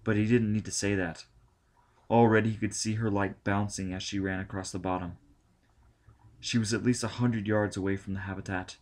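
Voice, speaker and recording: A male audiobook narrator reads in a steady, measured way. His voice sits on the low side. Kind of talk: scripted narration.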